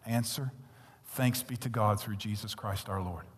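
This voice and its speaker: A man preaching a sermon, blunt and intense, swinging from loud peaks to hushed whispers. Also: on the low side, measured pace, slightly rough, long reverb tail. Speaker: pastor.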